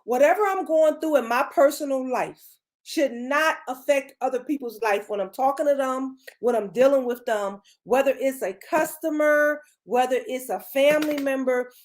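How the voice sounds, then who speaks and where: A woman's voice: high-pitched, normal speed. A middle-aged woman, giving a motivational talk as a podcast co-host, emphatic and preachy, repeating phrases for effect.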